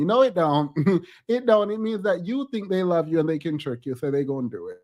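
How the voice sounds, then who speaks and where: A man's voice: high-pitched, animated, fairly quick, a little mellow. A man streaming a casual reaction to a reality show, talking in a sassy, emphatic way and laughing often.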